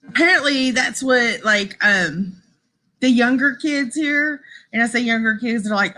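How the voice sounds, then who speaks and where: A woman's voice: a little high, lively intonation, unhurried, bright, forceful tone. A woman hosting a casual live stream, chatting and rambling to her viewers, laughing often and saying y'all.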